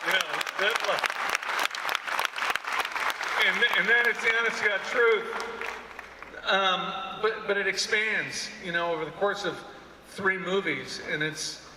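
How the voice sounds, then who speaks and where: A man's voice: high voice, unhurried, long pauses, over a noisy crowd, very noisy. A man answering earnestly and hesitantly as an actor on a convention panel. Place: large convention hall stage. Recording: echoey hall with long reverb.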